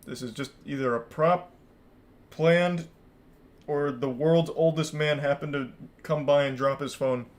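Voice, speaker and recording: A man's voice: a little high, steady tone, measured pace. A man in his thirties giving casual, sarcastic reaction commentary over a video, mocking it and swearing.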